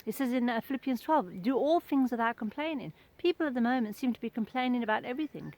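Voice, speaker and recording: A woman's voice: on the high side, expressive, fast, a little mellow, no room sound, poor audio. A middle-aged woman giving an informal devotional talk, earnest and conversational, telling everyday anecdotes.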